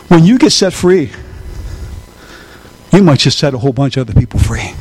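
A man's voice: a little high, animated, brisk, long pauses, darkish tone, slightly rough. A man preaching a sermon, telling a story with emphasis and asking the congregation questions.

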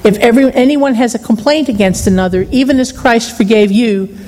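A woman in a church congregation reading a scripture passage aloud in a steady, measured way. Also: a little high. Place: church sanctuary. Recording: long hall reverb.

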